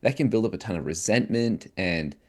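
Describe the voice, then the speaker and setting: A man co-hosting a casual podcast, talking in an animated, reflective way. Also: lowish voice, a little fast. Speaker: podcast co-host.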